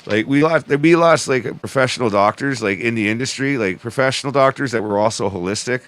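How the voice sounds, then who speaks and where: A man with a smooth, resonant, mid-range voice rambles through his points, full of fillers and asides and the odd curse. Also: medium pitch, fairly quick, a bit bright. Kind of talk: casual conversation.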